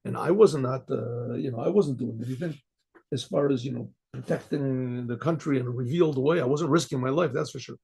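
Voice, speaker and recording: Gravelly older man telling a story. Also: medium pitch, brisk, warm tone. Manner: rambling, repeats himself, clears his throat often. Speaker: rabbi.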